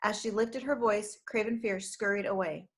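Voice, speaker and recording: A woman reading a storybook aloud for young children, narrating clearly and expressively. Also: medium pitch, fairly even intonation, normal speed.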